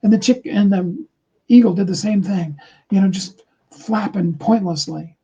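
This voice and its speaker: Husky, mellow man telling a story. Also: high-pitched, dull audio. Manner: slow and deliberate, with many fillers and restarts. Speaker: motivational speaker. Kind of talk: motivational storytelling talk.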